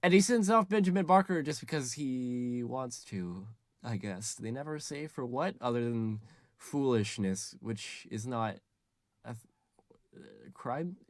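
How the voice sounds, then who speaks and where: A young man recaps a plot in a casual, sarcastic tone full of jokes. His pitch is average for a man. The recording is dry and close. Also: expressive, unhurried, no echo. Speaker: video essay host. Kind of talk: comic plot recap and analysis.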